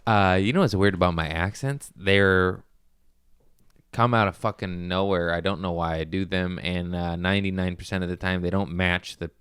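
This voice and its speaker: A man hosting a casual podcast as a comedian, telling rambling, profane stories with excitable bursts. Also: deep voice, normal speed, clear, resonant tone, no room sound, clean studio sound.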